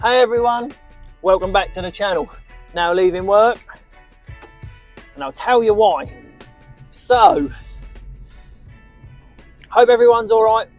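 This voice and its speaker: Man, high-pitched, casual car vlog chat, upbeat and rambling, faint music underneath. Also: moderate pace, pauses often, dull audio. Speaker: car dealer vlogger. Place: inside a small car.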